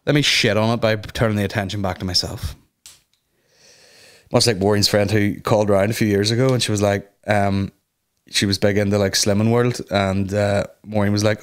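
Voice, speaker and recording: A young man tells a long, sweary comic story as a podcast host. His voice sits fairly low, but he often jumps into high mock voices when he quotes other people. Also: brisk. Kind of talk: casual comedic monologue.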